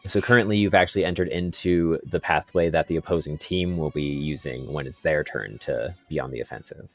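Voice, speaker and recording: A man narrating a tabletop game as game master in a relaxed, rambling way with fillers. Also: rumbling low, brisk, faint music behind.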